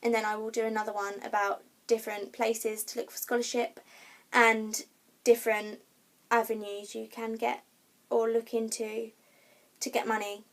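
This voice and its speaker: A woman's voice: fairly high pitch, little pitch movement, normal speed. A young woman vlogger chatting casually to camera, with frequent ums and restarts as she tells her story. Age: young adult.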